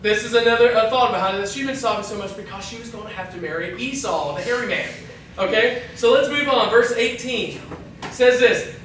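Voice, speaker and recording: Bright-voiced man teaching Bible class. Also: high-pitched, fairly quick. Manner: chatty, self-interrupting, jokey asides. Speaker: youth pastor. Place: church hall. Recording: echoey hall from far off.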